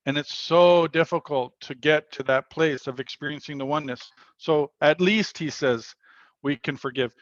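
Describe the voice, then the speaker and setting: A man's voice: fairly high pitch, normal speed, no room sound, muffled recording. A man leading a spiritual workshop over a video call, telling a story earnestly and quoting the people in it. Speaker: workshop leader.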